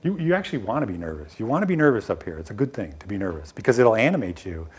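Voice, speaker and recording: A man's voice: fairly low pitch, very animated, rapid-fire, darkish tone, slightly rough. A middle-aged man giving a live workshop talk on presenting science to a small room, direct and emphatic with casual asides. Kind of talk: live lecture to a small audience.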